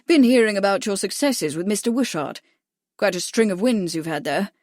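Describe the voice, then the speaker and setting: A woman voicing a genial, cautious gentleman adviser who speaks amiably and deferentially, in an audiobook. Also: mid-range voice, expressive, normal speed, no room sound, studio quality, close to an everyday voice. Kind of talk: audiobook character voice.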